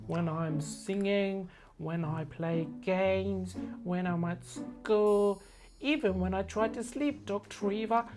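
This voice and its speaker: A woman's voice: mid-range voice, takes it slowly, music in the background, natural voice. A woman voicing a timid, childlike puppet patient who talks in sweet, earnest, childish phrases. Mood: worried.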